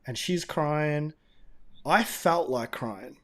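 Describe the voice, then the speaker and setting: Animated man, higher voice. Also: drawn-out words. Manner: animated, emphatic storyteller. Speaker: podcast co-host. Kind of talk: casual storytelling chat.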